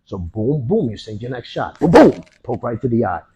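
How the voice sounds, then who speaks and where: A man teaching a martial arts class, walking students through a technique and punctuating moves with "boom" and "bang.". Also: lively intonation, a little fast, warm tone, highs cut off. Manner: punchy, with sound effects like boom and bang. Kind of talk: hands-on technique demonstration.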